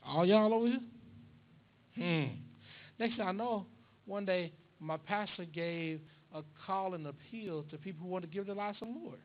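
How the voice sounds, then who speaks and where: A young man with a high voice preaches a sermon, animatedly telling a family story and acting out the dialogue in different voices. The recording is muffled.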